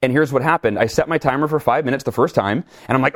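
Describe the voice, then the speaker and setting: A middle-aged man talking in an interview, energetic and animated, acting out his own reactions as he tells stories. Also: mid-range voice, fast talker, hardly any pauses. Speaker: guest speaker. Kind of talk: conversational interview, storytelling.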